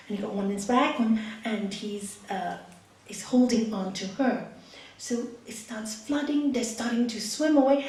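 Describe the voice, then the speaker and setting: A woman yoga teacher giving an expressive spiritual talk, telling a story in a meditation hall. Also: a little high. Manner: expressive, lively, with laughs and hushed asides. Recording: echoey room from a distant mic.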